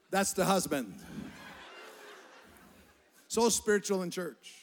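A man's voice: a little high, brisk. Older male pastor preaching in a hall. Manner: earnest, repeats words while building a point. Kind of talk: sermon. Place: church hall. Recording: long reverb of a large hall.

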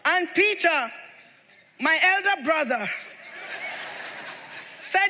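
A man preaching a sermon as pastor, shouting and repeating his refrains with passion. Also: very high voice, expressive, takes it slowly, long pauses, a little hiss or hum. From Nigeria. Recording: reverberant hall with congregation.

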